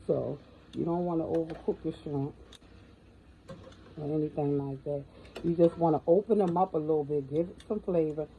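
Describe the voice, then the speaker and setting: A woman's voice: low-pitched, steady tone, normal speed, long pauses, narrow, tinny audio, a little hiss or hum. A middle-aged woman giving a folksy, chatty cooking tutorial in her home kitchen, often calling out to viewers as y'all. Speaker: home cook.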